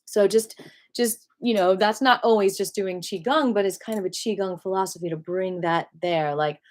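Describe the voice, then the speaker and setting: A woman giving a casual spoken qigong lesson. She talks in an animated way, piles up rhetorical questions and breaks into little acted-out voices of other people. Her pitch sits in the middle for a woman. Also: moderate pace. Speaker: qigong teacher.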